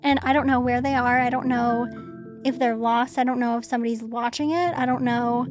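Young woman, casual storytelling, slightly high voice, flat delivery, lots of "like" fillers. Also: brisk, music in the background. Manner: conversational, frequent "like" fillers. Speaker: interview guest.

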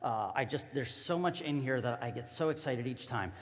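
A man's voice: medium pitch, lively intonation, normal speed, big-room sound. A man preaching a sermon as a pastor, telling the story casually and with animation.

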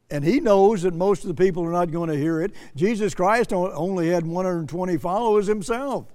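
A man's voice: high voice, a little fast, hardly any pauses, darkish tone, in a large hall. A man preaching a sermon as pastor, earnest and plain-spoken, repeating himself and lifting his voice when he quotes scripture.

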